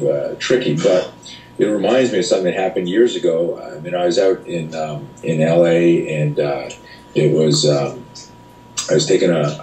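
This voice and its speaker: A middle-aged man, a self-defense instructor, telling stories in an interview, animated and blunt with some swearing, acting out the people he quotes. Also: very deep voice. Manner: animated, profane, acts out quoted voices. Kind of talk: casual interview storytelling. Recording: roomy echo, speaker off-mic, faint noise.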